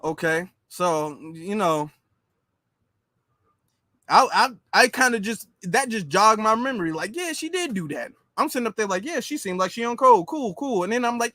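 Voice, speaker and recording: A man with a fairly high voice gives casual commentary in a sarcastic, mocking manner. He talks in an animated way, and the recording is dry and close with no room sound. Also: moderate pace, no echo.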